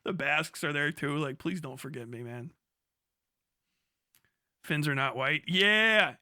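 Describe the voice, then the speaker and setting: A young livestreamer rants casually to his live chat, swearing freely, laughing often and jumping excitably from topic to topic. His voice is a little high, bright and forceful, and he talks a little slowly. The sound is dry and close, with no room echo.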